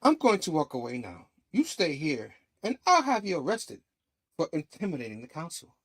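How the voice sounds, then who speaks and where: A man's voice: a little high, wildly swooping pitch, moderate pace, a bit bright, heavily acted. A man reading a teasing young female lawyer's lines in a flippant tone, lightly voiced.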